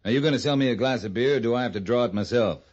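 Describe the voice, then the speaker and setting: An actor playing a blunt, dryly impatient army captain in a 1950s radio drama. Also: male voice, medium pitch, rapid-fire, darkish tone, close to an everyday voice. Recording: dull old radio broadcast recording.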